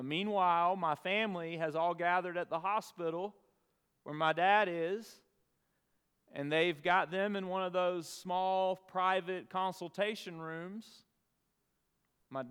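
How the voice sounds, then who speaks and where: A pastor telling a personal story in his sermon, earnest and measured, with dramatic pauses. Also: fairly high pitch, a bit bright, clean tone. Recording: long reverb of a large hall.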